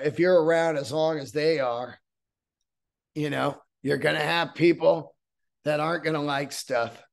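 A man hosting a solo podcast, talking in a loose, rambling, profane monologue. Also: fairly high pitch. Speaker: podcast host and comedian.

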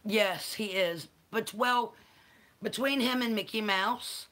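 A woman with a Southern accent who talks slowly on a relaxed livestream. Her voice is bright, and she greets viewers by name and coos to her pets. She sounds a little tired. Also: medium pitch. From American South. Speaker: livestream host. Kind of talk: casual livestream chat with viewers.

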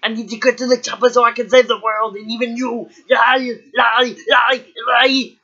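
A young man putting on a gruff action-hero voice, barking orders in a pushy way, on a dull lo-fi recording. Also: extremely high pitch, flat delivery, moderate pace, pushed and bright, voice pushed up, heavily acted. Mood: bossy.

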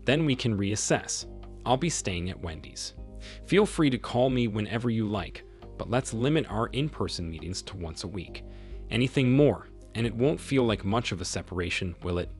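A man's voice: fairly low pitch, moderate pace, faint music behind, close to an everyday voice. Man reading the lines of a cool self-assured wife. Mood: firm. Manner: calm, firm and decided.

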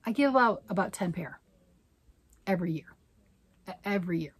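On her knitting and crochet channel, a middle-aged woman rambles along casually, teasing herself and asking rhetorical questions. She has a lowish, slightly rough voice with lively intonation, speaks at a normal speed, and there's no echo.

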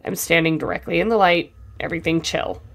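A woman's voice: fairly low pitch, a little fast, gravelly. A young woman giving sarcastic let's-play commentary, talking to herself as she plays and swearing freely. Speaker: gaming streamer.

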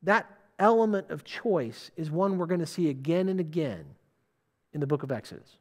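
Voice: mid-range voice, expressive, normal speed, darkish tone. A preacher giving a sermon, putting questions to the listeners and stressing key words.

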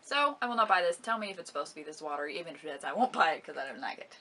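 A woman's voice: sits low, lively intonation, very fast, sharp tone, a little hiss or hum. A young woman vlogger chatting casually about beauty products, giggling often and complaining dramatically. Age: young adult. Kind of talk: casual product review vlog.

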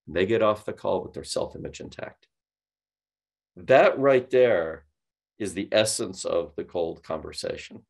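A man teaching cold calling in a webinar, telling stories with lively quoted dialogue. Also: sits low, unhurried, vocal fry. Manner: animated storytelling, mimics voices in quoted dialogue. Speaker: sales trainer.

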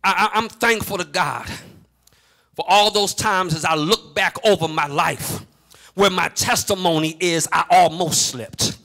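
A middle-aged male pastor preaching a sermon in a call-and-response style that builds to shouts. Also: sits high, a little slow.

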